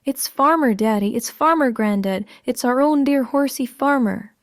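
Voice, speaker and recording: A woman voicing an excited little girl in a storybook reading, calling out in a breathless, high-pitched way. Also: normal speed, dry recording, studio quality, lightly acted. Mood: overjoyed.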